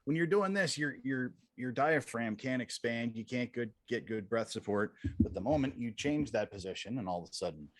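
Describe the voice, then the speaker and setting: A man's voice: medium pitch, animated, moderate pace, hardly any pauses, no room sound, clean studio sound. A man voice coach giving frank, emphatic advice about posture and breath. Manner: frank, emphatic, agrees often. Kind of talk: casual coaching chat.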